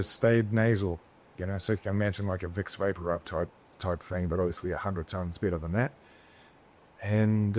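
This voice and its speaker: Male podcast guest, low-pitched, casual and profane, rambling storyteller. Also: darkish tone. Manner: rambling, swears freely, many restarts. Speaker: podcast guest, business founder.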